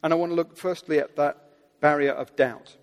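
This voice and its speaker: A man preaching a sermon to a seated audience, earnest and building to loud, emphatic quotations. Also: fairly high pitch, fairly even intonation, a little fast, creaky. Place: large hall with audience seating. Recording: long hall reverb.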